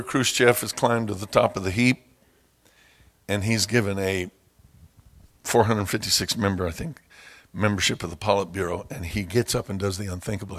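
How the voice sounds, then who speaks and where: A low-voiced man preaching from the pulpit, his tone husky and worn. He tells his stories with relish and jumps into loud, high-pitched shouts when he acts out the people in them. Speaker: pastor. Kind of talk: sermon.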